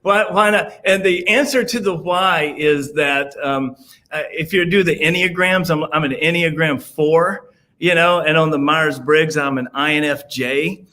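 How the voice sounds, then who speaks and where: A man's voice: fairly high pitch, a little slow, sharp tone. A man with a Southern US accent, a podcast guest talking in a rambling way, full of fillers and restarts. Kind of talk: casual conversation.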